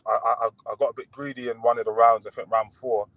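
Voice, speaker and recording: Man, casual podcast guest, relaxed, rambling, dry close sound, middle pitch. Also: quick pace, dry recording, low-quality recording. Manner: relaxed, chatty, full of fillers and restarts. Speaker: boxer guest.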